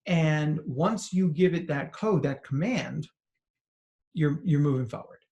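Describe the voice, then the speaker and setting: A man, a psychologist, giving an animated talk to parents and educators, telling stories and asking questions. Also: fairly high pitch, measured pace, highs cut off, a little hiss or hum. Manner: animated storytelling with acted quotes and asides. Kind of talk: expressive talk to an audience.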